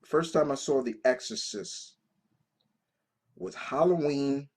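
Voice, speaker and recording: A man in his thirties at an ordinary middle pitch, hosting a casual reaction vlog. He tells heartfelt stories with plenty of swearing and repeats himself as he gathers his thoughts. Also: slow, a little mellow, breathy edge. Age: 30s. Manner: profane, emotional storytelling with many restarts. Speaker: reaction video host. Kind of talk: casual reaction-video commentary.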